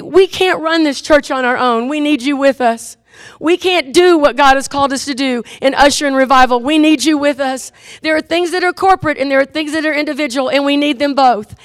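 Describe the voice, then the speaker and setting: Woman preacher giving a sermon, laughs a lot then gets earnest, kinda high voice. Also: brisk, dry recording, clean studio sound. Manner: lively and laughing, with earnest quieter storytelling. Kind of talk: sermon with closing prayer.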